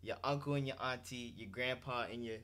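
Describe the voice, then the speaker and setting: A man's voice: medium pitch, fairly even intonation, a little fast, bright, forceful tone. A young man hosting his gaming channel, giving a hyped, slangy, profane vlog intro. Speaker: gaming YouTuber.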